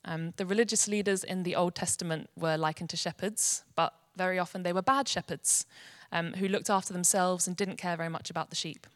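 Woman Bible teacher, earnest and gentle, close and dry sound. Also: lowish voice, steady tone, a little fast, few pauses, dry recording. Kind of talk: devotional teaching.

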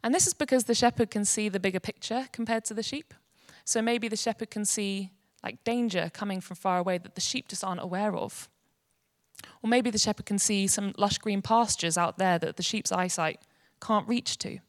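A woman's voice: mid-range voice, normal speed, dry recording, studio quality. Earnest woman giving a devotional teaching. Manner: earnest, gentle explaining. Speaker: Bible teacher.

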